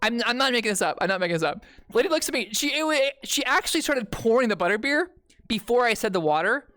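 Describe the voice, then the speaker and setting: A woman streamer telling a long, rambling story to her chat, with frequent "okay?" asides and sudden loud outbursts. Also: fairly high pitch, lively intonation, quick pace, no echo. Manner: bursts into loud shouting at punchlines.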